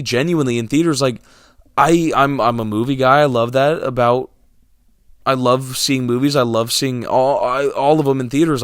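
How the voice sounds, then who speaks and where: A young vlogger with a medium-pitched, slightly bright voice rants to his audience about movies and theaters in a sarcastic, exasperated way, muttering before flaring up. The recording has clean studio sound and no room sound.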